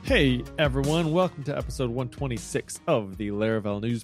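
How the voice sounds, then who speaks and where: A man's voice: mid-range voice, expressive, fairly quick, few pauses, faint music behind. A man hosting a podcast, trading playful, joking banter in casual chat. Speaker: podcast host.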